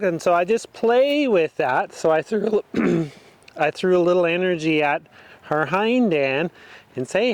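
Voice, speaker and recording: A man training a horse outdoors, talking the viewer through each step in a relaxed, casual way. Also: sits high, unhurried, dry recording. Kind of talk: casual instruction while working a horse.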